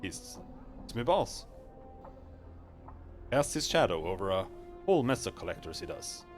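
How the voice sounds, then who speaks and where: A man voicing a wary, greedy male street collector in a game, gruff and slangy. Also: lowish voice, sing-song, a little slow, faint music behind.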